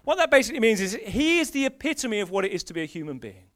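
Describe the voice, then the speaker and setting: A man preaching a sermon in a lively, conversational way, often restarting his phrases. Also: sits high, rapid-fire.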